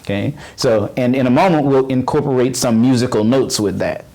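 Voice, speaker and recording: A male voice teacher talks a beginner through breathing and warm-up drills in a patient, encouraging way. His voice sits at an ordinary middle pitch, and he often stops to restart his sentences. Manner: patient, encouraging, demonstrates exercises; halting, restarts phrases often. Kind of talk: on-camera voice lesson.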